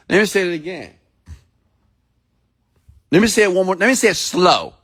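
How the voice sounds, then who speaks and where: A man delivers a motivational message in a sermon-like style, pitched noticeably high for a man. He talks bluntly, swears without hesitation, and fires questions straight at his listeners. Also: very animated, moderate pace, long pauses. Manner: blunt and preachy, repeats himself for emphasis, swears freely; addresses listeners directly with questions. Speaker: motivational speaker.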